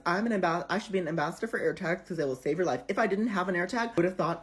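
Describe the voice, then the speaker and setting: A man's voice: high voice, lively intonation, fast talker, hardly any pauses, fairly bright tone. A man telling a storytime vlog, sassy and exasperated, swearing freely. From United States. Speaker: vlogger.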